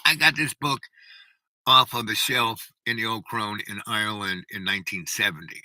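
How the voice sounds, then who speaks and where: A man's voice: fairly low pitch, fairly even intonation, moderate pace, bright, forceful tone, dry recording, poor audio. An older man hosting a livestream, telling a long rambling story to his chat and often tagging "right?". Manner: rambling, keeps asking "right?". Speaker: livestream host.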